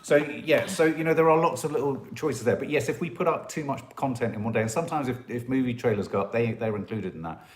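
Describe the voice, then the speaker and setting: A man's voice: mid-range voice, fast talker. A man co-hosting a family channel's live stream, reading viewer messages and explaining how notifications work. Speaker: co-host of a family YouTube channel. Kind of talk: casual live chat.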